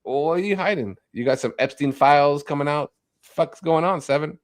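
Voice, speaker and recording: A man's voice: fairly high pitch, normal speed, dry recording. A man ranting and trash-talking in a crude, profane casual stream chat. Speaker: stream guest. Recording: dry close mic.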